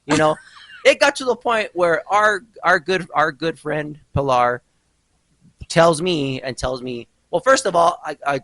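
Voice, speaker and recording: A man hosting a podcast, telling a story with animated mock outrage in a casual chat. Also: on the high side, unhurried, dry recording, poor audio. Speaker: podcast host.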